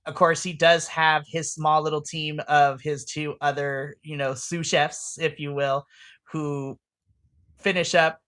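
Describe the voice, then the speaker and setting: Game master, bright tone, giggly, rambling, playful narration. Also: mid-range voice, fairly even intonation, slow pace. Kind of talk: actual-play podcast narration and chat.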